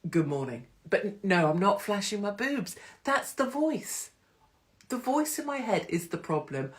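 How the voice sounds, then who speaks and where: A woman hosting a casual live stream from her phone, irreverent and sweary, slipping into mocking voices. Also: deep voice. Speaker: host of a live social media stream.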